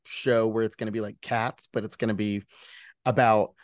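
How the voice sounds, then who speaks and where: A man's voice: fairly low pitch, flat delivery, normal speed, dry recording, clean studio sound. A man hosting a podcast in casual chat, chatty and profane, laughing often. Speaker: podcast host.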